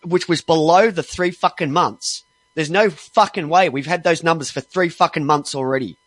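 A man's voice: fairly high pitch, moderate pace, fairly bright tone, no echo. A man ranting angrily, heavily profane and exasperated, stumbling and restarting as he gets worked up. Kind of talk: angry ranting monologue.

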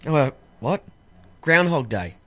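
Tipsy male host, rambling, animated pitch, slightly high voice. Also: unhurried. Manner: rambling, stumbles over words, laughs often. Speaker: podcast host. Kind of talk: casual tipsy chat.

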